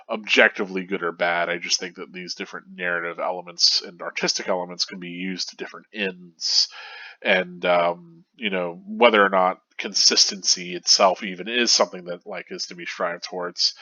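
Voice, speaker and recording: A man's voice: deep voice, pushed and bright, no echo, highs cut off. A young man with a stuffy nose talking through a manga chapter in a casual, rambling way, full of fillers and restarts. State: stuffy and congested. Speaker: manga review host. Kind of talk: casual analysis monologue.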